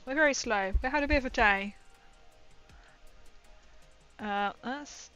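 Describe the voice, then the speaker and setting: A woman's voice: fairly high pitch, unhurried, fairly bright tone, clean tone, lo-fi sound, faint music behind. A young woman chatting casually on a livestream while building a model, rambling and often laughing.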